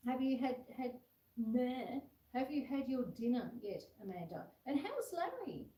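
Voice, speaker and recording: A woman's voice: high voice, sing-song, unhurried, warm tone. A woman hosting a homestead livestream. She chats casually, reads viewer comments aloud and coos at the puppy on her lap. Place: indoors at home, seated with a puppy on her lap. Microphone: phone camera set far back. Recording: roomy and distant from the camera.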